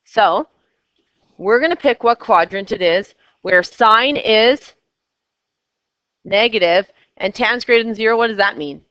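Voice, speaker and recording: A woman's voice: a little high, a little slow, long pauses, a bit bright, clear, resonant tone, no echo, lo-fi sound. A woman teaching a math class, chatty and coaxing her students with questions. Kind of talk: classroom lecture.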